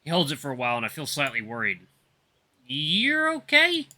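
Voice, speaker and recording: A man reading a story game aloud in expressive first-person narration. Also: medium pitch, racing.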